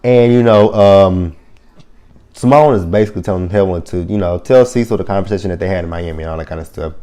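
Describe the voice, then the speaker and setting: A man with a lowish, mellow voice casually recaps a reality show episode. He talks bluntly and swears freely when something annoys him. He rambles and keeps correcting himself as he goes. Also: fast talker, smooth. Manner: rambling with frequent self-corrections.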